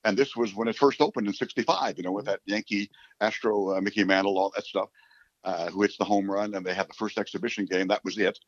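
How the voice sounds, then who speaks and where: An older man from New York City, a sportscaster, rambling through a long interview answer with repeated words and animated asides. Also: fairly low pitch, fast, no echo. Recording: slightly dull, dry recording.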